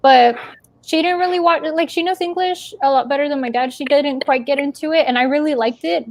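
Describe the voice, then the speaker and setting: Chatty high-voiced young-sounding woman. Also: fairly quick, darkish tone, dry recording. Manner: chatty, many fillers and likes. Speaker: guest. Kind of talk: casual group chat.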